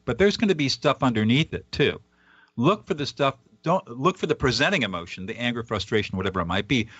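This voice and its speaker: A man's voice: mid-range voice, a bit bright, no echo, highs cut off. A man, a guest author on a radio interview, explaining a method earnestly and at times acting out example dialogue.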